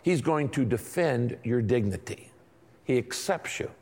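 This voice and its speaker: A man preaching a sermon as pastor, telling stories in a lively way and acting out quotes. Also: mid-range voice, unhurried, gravelly, in a large hall. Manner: animated storytelling with acted-out quotes.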